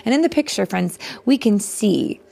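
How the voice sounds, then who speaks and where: A woman reading a picture book aloud to children in a soft, hushed voice that often drops to a whisper, stopping to ask her listeners questions. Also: mid-range voice, animated, normal speed, gravelly, a little hiss or hum. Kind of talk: soft-spoken storybook reading.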